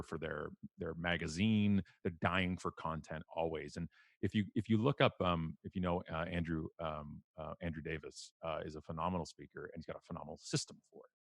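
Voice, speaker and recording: A middle-aged man, a keynote speaker, telling stories on a podcast in an animated, self-mocking way with casual swearing. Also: low-pitched, vocal fry, dry recording.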